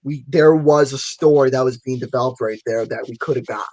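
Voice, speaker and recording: A man co-hosting a casual podcast chat, excitable and prone to swearing, acting out reactions. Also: mid-range voice, brisk, no echo. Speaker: podcast co-host.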